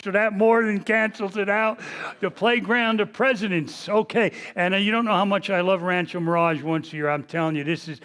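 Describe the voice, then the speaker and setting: A man's voice: high voice, fairly bright tone. Joking seventy-something man lecturing. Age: 70s. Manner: self-deprecating, rambling, joking. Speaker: history lecturer. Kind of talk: public lecture with jokes. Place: large library hall before a big audience. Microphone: stationary mic at a lectern.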